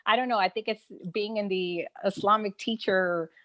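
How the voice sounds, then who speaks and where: A woman speaks with a Brooklyn, New York accent as a guest in a casual online chat. She is frank and animated, and she laughs easily and uses plenty of fillers. It sounds like a video call. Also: mid-range voice, normal speed. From New York City. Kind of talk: casual conversation on a live online session.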